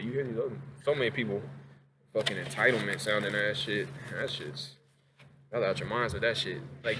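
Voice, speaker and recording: A man's voice: lowish voice, noisy background. A man ranting casually in a profane, rambling way in his home kitchen. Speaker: vlogger. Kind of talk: casual rant to camera.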